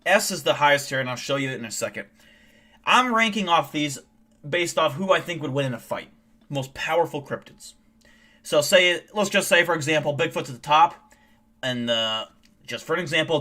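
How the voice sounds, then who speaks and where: A man streaming live, telling wild stories in animated, profane, casual chat. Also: medium pitch.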